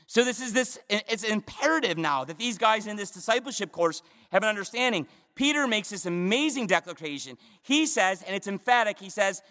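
A man delivers a fervent sermon in a strikingly high voice, leaning hard into emphatic declarations and falling to quiet asides. His words trail off into a long, echoing hall reverb. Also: lively intonation, normal speed. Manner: fervent, emphatic, swinging between loud and hushed. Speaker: preacher.

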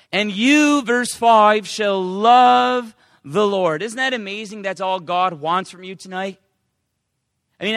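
A man preaching to his congregation, emphatic, rising to loud declarations and dropping to quiet asides. His voice sits high for a man. The sound is dry up close, with a long reverb tail from a church hall. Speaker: pastor. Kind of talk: sermon.

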